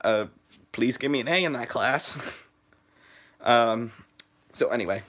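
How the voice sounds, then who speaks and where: A teenage boy live streaming from his phone, chatting in a halting way with lots of "uh" and "like" and restarted sentences. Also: mid-range voice, a bit bright, a little hiss or hum. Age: teens. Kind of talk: rambling live stream chat.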